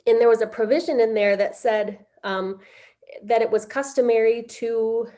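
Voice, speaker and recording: Woman, middle-aged, fairly high voice, halting, lots of ums, casual storytelling. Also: steady tone, warm tone. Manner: halting, full of fillers and restarts. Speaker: interviewee.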